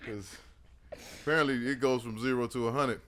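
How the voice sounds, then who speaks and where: A man co-hosting a podcast in casual chat, cheering on his guest, then closing the show with calm formal thanks. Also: medium pitch, a little fast, very noisy. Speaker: podcast co-host.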